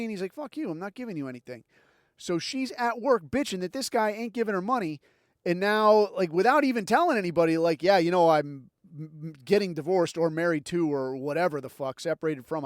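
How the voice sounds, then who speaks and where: A man's voice: high-pitched, dry recording, studio quality. A middle-aged man hosting a podcast, telling a crude, rambling story full of swearing and mocking put-on quotes. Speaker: podcast host. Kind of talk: profane casual rant.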